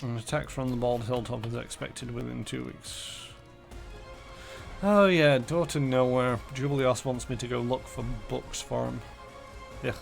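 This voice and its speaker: A man's voice: medium pitch, a little slow, vocal fry, faint music behind. A man streaming a game, muttering casually through menus and numbers. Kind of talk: casual gameplay commentary.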